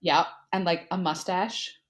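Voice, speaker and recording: A woman's voice: on the low side, a little slow. Giggly young woman co-hosting a podcast. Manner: giggly, deadpan banter. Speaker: podcast co-host. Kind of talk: casual chat.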